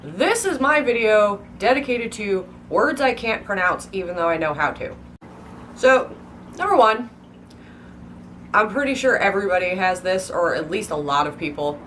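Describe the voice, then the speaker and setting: An expressive woman book vlogger speaks at normal speed in a medium-pitched, slightly bright voice, with slight background noise. Her casual rambling is hyper and playful, full of stretched, exaggerated pronunciations.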